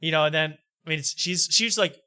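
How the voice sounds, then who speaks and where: A man's voice: fairly high pitch, a little fast, bright, forceful tone, clear, resonant tone, dry recording. A man hosting a comedic late-night talk show, rambling and mocking as he halts on fillers.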